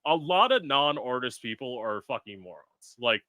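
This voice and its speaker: A man's voice: medium pitch, animated, normal speed, bright, forceful tone, dry recording, clean studio sound. A man hosting a casual podcast chat, blunt and profane, acting out quotes as he talks. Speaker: podcast host.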